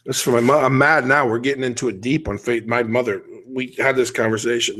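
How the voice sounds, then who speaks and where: A man's voice: medium pitch, steady tone, fast talker, hardly any pauses, pushed and bright. A middle-aged man hosting a podcast, ranting bluntly and animatedly in casual chat. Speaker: podcast host.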